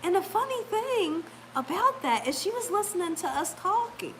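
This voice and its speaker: A woman telling a story casually to her viewers, animated and laughing often as she acts out the people in it. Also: very high-pitched, moderate pace, slight background noise, rough recording. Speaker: vlogger talking to her live chat.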